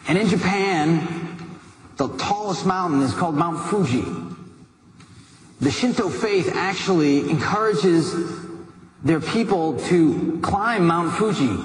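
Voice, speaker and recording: A man giving a motivational talk, telling a personal story in a lively, conversational way with asides to the listener. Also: fairly high pitch. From United States. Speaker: motivational speaker. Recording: echoey hall with background noise.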